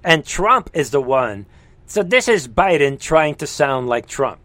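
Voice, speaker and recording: A man hosting a live political commentary stream, emphatic and sarcastic, jumping between loud exclamations and low muttering. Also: very animated, a little slow, dry recording.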